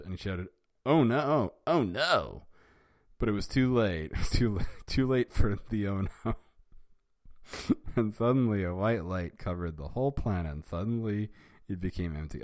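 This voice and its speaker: Wry, deep-voiced man reading aloud. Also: darkish tone, no echo, clean studio sound. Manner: wry, amused asides, chuckling. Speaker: reader and host. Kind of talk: casual reading with wry commentary.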